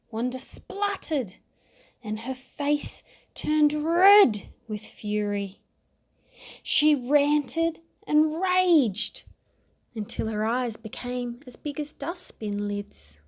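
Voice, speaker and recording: A woman narrating a children's storybook with expressive, dramatic emphasis. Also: high voice, extremely slow. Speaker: audiobook narrator.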